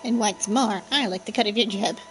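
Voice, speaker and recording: A woman voicing a gruff, bossy male skeleton pirate captain who talks in salty pirate slang. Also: mid-range voice, a little fast, slight background noise, close to an everyday voice, low-quality recording.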